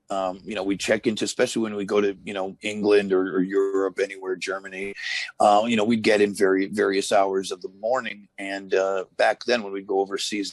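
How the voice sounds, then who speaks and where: A man guesting on an interview, telling old stories in a relaxed, rambling way full of fillers. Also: on the low side, no echo. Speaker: former wrestler, interview guest. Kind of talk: casual storytelling interview.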